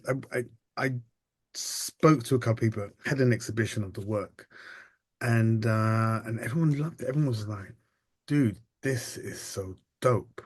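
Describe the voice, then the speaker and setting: A man telling his story as an interview guest, halting and reflective, full of ums and restarts. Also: medium pitch, husky, dry recording. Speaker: interview guest, photographer and artist.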